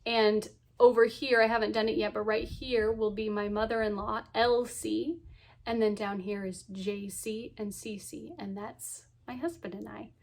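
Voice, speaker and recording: A woman in her thirties with a medium-pitched voice and fairly even intonation chats to camera at a moderate pace about her cross stitch. She stays cheerful throughout, with many ums, so yeahs, and bursts of laughter.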